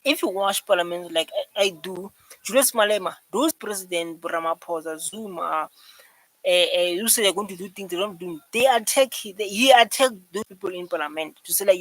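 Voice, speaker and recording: A man's voice: high-pitched, moderate pace, fairly bright tone, no echo, rough recording. A man with a South African accent giving a rambling, repetitive reaction commentary, full of fillers. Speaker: reaction video host.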